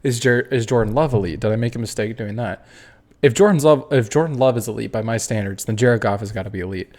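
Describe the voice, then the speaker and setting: A man's voice: mid-range voice, quick pace, darkish tone. A man hosting a casual sports tier-list video, ranting with strong opinions and the odd curse. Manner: opinionated, fired-up ranting with cursing. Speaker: podcast host.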